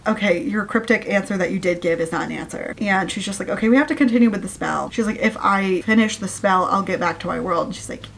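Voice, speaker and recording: A woman's voice: mid-range voice, fast talker, gravelly, hardly any pauses, a bit bright, slight background noise. A woman hosting her channel, giving a casual, sarcastic rant review of a novel and sounding exasperated at the plot. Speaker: book reviewer.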